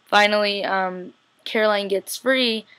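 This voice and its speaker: A woman's voice: medium pitch, steady tone, measured pace, fairly bright tone. A young woman casually recapping a TV episode, chatty and slangy, acting out the characters' lines. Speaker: TV recap vlogger.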